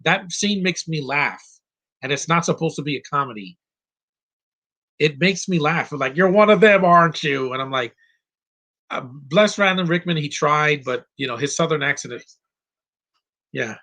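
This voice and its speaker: A man's voice: a little high, unhurried, pauses often, sharp tone, breathy edge. A man giving casual live commentary over a film, opinionated and rambling, with frequent fillers and restarts. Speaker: movie commentary host.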